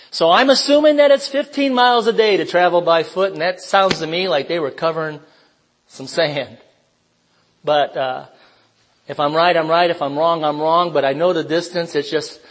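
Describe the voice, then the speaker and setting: High-voiced man preaching conversationally. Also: fairly bright tone, rough recording. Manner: conversational, with rhetorical questions and personal stories. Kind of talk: informal sermon.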